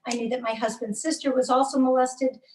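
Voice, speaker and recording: A woman's voice: high-pitched, steady tone, fairly quick, a little mellow, recorded from a distance, poor audio. Earnest, emphatic woman guest, slightly off-mic. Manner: earnest and emphatic, with frequent fillers and restarts. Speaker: podcast guest. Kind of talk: candid interview conversation.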